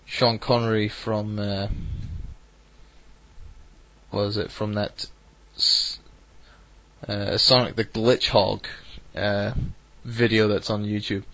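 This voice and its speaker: Laid-back guy rambling on his radio show, slow, dry dull lo-fi mic. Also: lowish voice, flat delivery, fairly bright tone, no room sound. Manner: rambling, self-deprecating, hesitant. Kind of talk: casual online radio chat.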